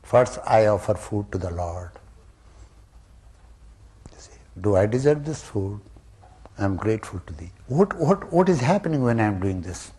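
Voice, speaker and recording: Animated male spiritual teacher. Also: fairly low pitch, moderate pace, long pauses, husky. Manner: emphatic, many rhetorical questions; sudden loud rises, then soft drops. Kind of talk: spiritual discourse to students.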